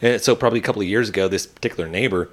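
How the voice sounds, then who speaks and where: A man in his thirties with a slightly low voice spins a neighborhood story in relaxed podcast chat. He acts out the people he quotes with lively shifts. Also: very fast. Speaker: podcast co-host.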